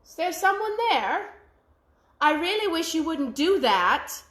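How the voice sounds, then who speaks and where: A woman's voice: very high voice, very animated, unhurried, fairly bright tone, reverberant, voice pushed up, heavily acted. A woman storyteller voicing a wee little man who politely complains. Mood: plaintive.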